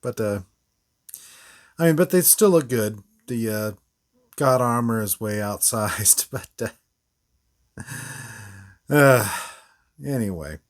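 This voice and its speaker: A man talks through a toy review in a loose, rambling way. He pauses on fillers and breaks into short laughs. His pitch sits in the ordinary middle range. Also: expressive. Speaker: toy reviewer, channel host. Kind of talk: casual product review.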